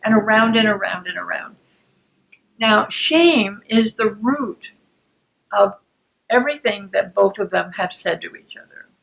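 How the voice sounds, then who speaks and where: A woman who writes self-help books, explaining shame calmly and deliberately to the camera. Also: mid-range voice, vocal fry, poor audio. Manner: calm and deliberate.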